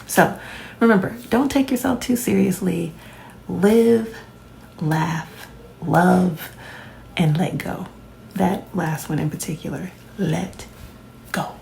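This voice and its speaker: Chatty woman with gravelly fry. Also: lowish voice, slow pace, long pauses, a little mellow, slight background noise, rough recording. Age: 40s. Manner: chatty, laughs often, playful asides. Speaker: vlogger. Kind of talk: casual chat to camera.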